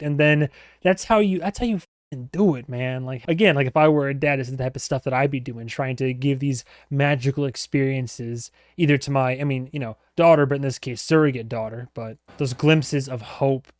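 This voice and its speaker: A man's voice: mid-range voice, no room sound, clean studio sound. A man hosting a reaction video, talking casually and rambling with lots of fillers, laughing often.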